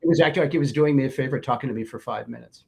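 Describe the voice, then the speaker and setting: A man, a writer and producer guest, telling anecdotes in an interview with an animated manner. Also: medium pitch, very fast, gravelly, husky. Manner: animated storyteller.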